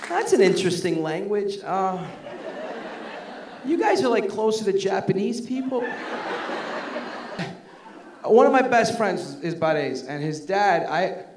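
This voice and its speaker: A male stand-up comedian performing a mocking, animated set in a comedy club. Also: high voice, unhurried, long pauses, crowd noise. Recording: echoey live club with audience noise.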